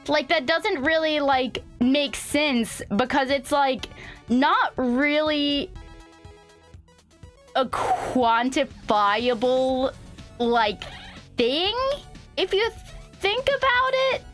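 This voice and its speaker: A woman's voice: sits high, expressive, drawn-out words, long pauses, fairly bright tone, faint music behind. A young woman streaming live, chatting casually with her viewers, rambling with lots of "like" and laughing often. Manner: rambling, filler-heavy, laughs often, reads chat aloud. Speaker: VTuber streamer.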